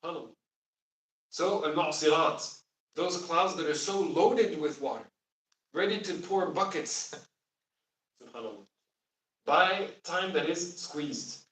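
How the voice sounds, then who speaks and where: Teaching a class on Quranic Arabic, a man with a slightly high, somewhat bright voice speaks slowly with long pauses, explaining patiently and questioning his students. The classroom audio sounds roomy and distant.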